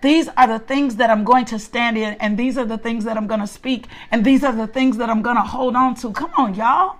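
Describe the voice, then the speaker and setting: High-voiced woman teaching a Bible study. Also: fairly quick. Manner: emphatic and repetitive, asking listeners to respond. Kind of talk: conversational sermon.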